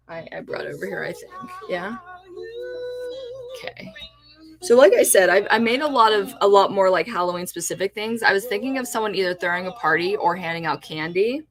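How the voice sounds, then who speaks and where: Her voice is lowish and a bit bright, at a moderate pace, with faint music behind. A fake food artist and streamer from California, she rambles casually through a livestream of her crafts, restarting many times and sounding delighted by what she's made.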